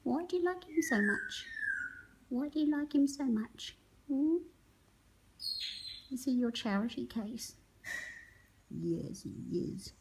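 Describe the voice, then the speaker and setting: A woman's voice: a little high, animated, takes it slowly, long pauses, background noise. A woman talking doting baby talk to her pet parrot, with whispery asides. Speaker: pet owner.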